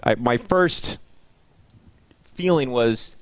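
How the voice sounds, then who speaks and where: A man's voice: medium pitch, expressive, fast talker, dry recording. A man co-hosting a casual talk show who asks questions and often restarts his sentences. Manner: hesitant, repeats words as he works out his thoughts. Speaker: co-host of a street evangelism web show. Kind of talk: casual chat, asking questions.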